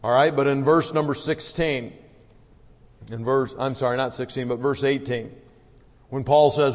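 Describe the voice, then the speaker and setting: A man's voice: medium pitch, steady tone, normal speed. A man preaching a sermon in a folksy, conversational way, with long hall reverb.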